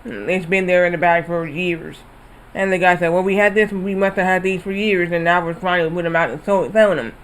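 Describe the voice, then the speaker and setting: A man's voice: sits high, fairly quick, clear, resonant tone, low-quality recording. A man streaming a video game, telling a rambling story with casual swearing. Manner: rambling, animated retelling with swearing. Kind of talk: casual storytelling while gaming.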